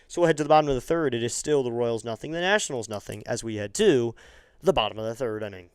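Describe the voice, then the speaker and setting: Man, fan baseball play-by-play, smooth clear voice, dry close sound, jumps up in pitch on big plays, chatty asides. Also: fast talker, no room sound. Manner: rises sharply in pitch and volume on exciting plays. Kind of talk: amateur play-by-play commentary.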